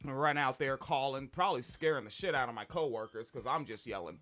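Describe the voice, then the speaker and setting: A man co-hosting a podcast, telling a story in a casual, profane, animated way. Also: mid-range voice, a little fast. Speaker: podcast co-host. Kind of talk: casual chat.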